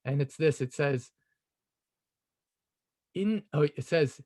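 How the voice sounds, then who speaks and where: A man's voice: on the high side, slow. Earnest, reflective man telling a story. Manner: earnest, reflective, often says "you know", laughs softly. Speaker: call participant sharing a personal story. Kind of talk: casual spoken storytelling.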